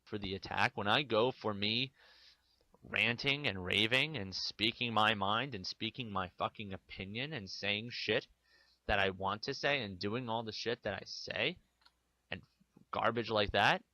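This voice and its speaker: Man, angry defensive vlog ranter, bright tone, dry sound. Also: on the low side, a little slow, no room sound, poor audio. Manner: defensive, ranting, swearing. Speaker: video maker ranting to the camera.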